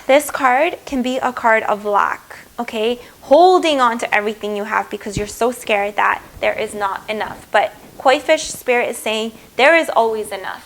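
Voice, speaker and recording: A woman's voice: a little high, fairly bright tone. A woman giving an upbeat, encouraging tarot reading to her viewers, acting out what the cards say. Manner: upbeat, encouraging, acts out the cards in quick voices. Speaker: tarot reader.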